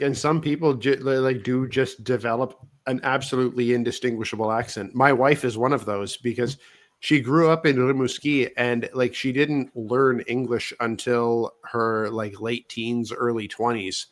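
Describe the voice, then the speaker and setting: A man's voice: medium pitch, steady tone, moderate pace. A man guesting on a podcast in casual chat, full of "like" and restarts. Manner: peppers speech with "like", repeated restarts.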